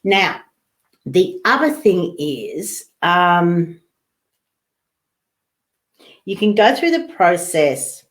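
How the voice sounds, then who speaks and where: A woman's voice: lowish voice, very animated, very slow, pauses often. A woman hosting a live online talk, chatting loosely and reading out viewer comments, rambling with fillers and restarts. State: coughing and sneezing at times.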